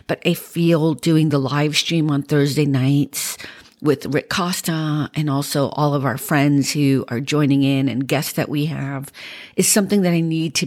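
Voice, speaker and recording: A middle-aged woman with a Boston accent speaks in a low voice, talking loosely and candidly as a podcast host. She is tired from lack of sleep and rambles with plenty of fillers. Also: darkish tone. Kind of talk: casual personal update.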